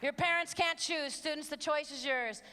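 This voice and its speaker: A woman's voice: high-pitched, normal speed, bright, forceful tone, a little hiss or hum. A woman giving a live motivational talk to teenagers, emphatic and preachy, repeating her key phrases. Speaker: abstinence speaker. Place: large hall with audience. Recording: reverberant live hall with audience.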